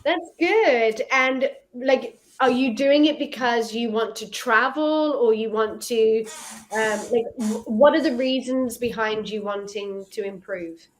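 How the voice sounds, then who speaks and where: A woman tutor speaks on a video call in a fairly high voice, taking her time over each phrase. She is friendly, asks follow-up questions and leans on "like", with faint noise behind her. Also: slow pace, rough recording. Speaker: English conversation tutor. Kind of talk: online English lesson conversation.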